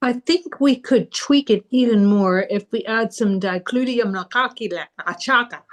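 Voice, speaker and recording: A woman's voice: a little high, normal speed. A woman improvising a comedy scene with a dry, wry delivery. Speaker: improv player.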